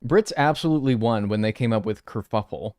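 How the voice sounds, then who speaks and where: A man's voice: on the low side, brisk, darkish tone, faint music behind. A man streaming a game live, chatting casually and joking with his chat from his room.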